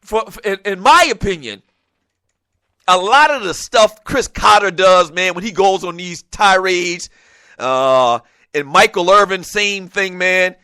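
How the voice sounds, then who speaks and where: Passionate high-voiced male sports talk host. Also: measured pace, clean tone, no room sound, studio quality. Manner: passionate, animated, often escalating into shouting. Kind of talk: sports talk radio monologue. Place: radio studio.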